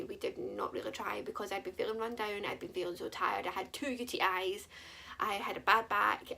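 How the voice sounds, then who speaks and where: A woman's voice: medium pitch, creaky, bright, forceful tone, breathy edge. A young woman, chatting candidly and rambling in a personal vlog. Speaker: vlogger.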